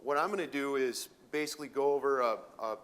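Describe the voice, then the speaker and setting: A man giving an educational presentation to instructors, speaking haltingly with frequent restarts and fillers. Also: mid-range voice, a bit bright. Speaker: company presenter.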